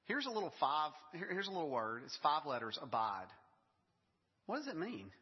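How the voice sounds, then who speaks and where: Guy pastor preaching, chatty storytelling, husky voice, big echoey church, kinda muffled sound. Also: a little high, very animated, normal speed. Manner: conversational storytelling with light laughs and asides. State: briefly choked up with emotion. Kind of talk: sermon. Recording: dull long reverb of a large hall.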